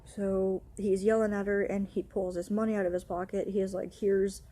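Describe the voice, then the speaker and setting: Husky-voiced young woman ranting. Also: medium pitch, flat delivery, dark tone. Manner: upset, swearing, rapid run-on ranting. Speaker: vlogger. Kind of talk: ranting storytime vlog.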